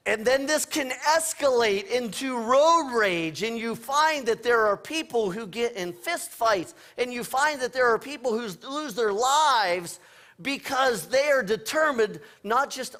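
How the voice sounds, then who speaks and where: A man with a notably high-pitched voice, preaching a church sermon. He talks in a loose, conversational way and tells everyday stories with a playful, joking touch. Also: fairly bright tone. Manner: conversational storytelling with playful humor. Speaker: pastor. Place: church sanctuary.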